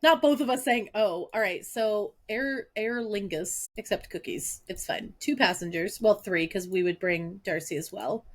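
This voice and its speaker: A woman's voice: medium pitch, normal speed, hardly any pauses. A young adult woman co-hosting a podcast, chatting casually and acting out the dialogue in her stories. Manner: lively, acts out quoted dialogue. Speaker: podcast co-host. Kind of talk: casual chat, animated storytelling.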